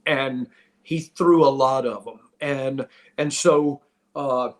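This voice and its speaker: With a medium-pitched voice and a steady tone, a middle-aged former pro wrestler who hosts a podcast speaks at a slow pace. He spins wrestling stories in a casual, rambling way with many restarts.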